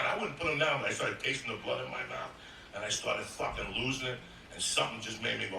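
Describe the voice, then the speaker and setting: A man telling a profane comic story on stage in a brash, loud way, laughing as he goes. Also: mid-range voice, lively intonation, fast, vocal fry, a little hiss or hum. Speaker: stand-up comedian. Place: comedy stage before an audience. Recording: echoey live room, mic at a distance, audience laughter.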